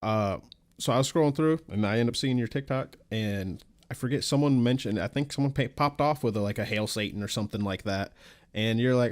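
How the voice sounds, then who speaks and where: A man hosting a casual podcast, talking in a relaxed, chatty way. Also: medium pitch, brisk. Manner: relaxed, talkative, says "y'all". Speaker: pagan podcast host.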